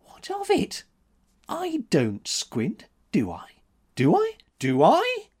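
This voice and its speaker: Man voicing a defiant young woman artist, raised lively voice, teasing, slow and swooping delivery. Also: slightly rough, heavily acted. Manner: teasing, quick-tempered, higher voice.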